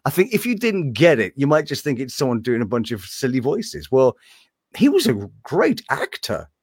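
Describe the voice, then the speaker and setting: A male voice actor talks casually in an interview, his pitch leaping around as he gets animated. His voice sits in a middle range. The sound is dry and close. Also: moderate pace, husky, no echo. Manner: animated, slips between impressions. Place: room with animation art on the walls.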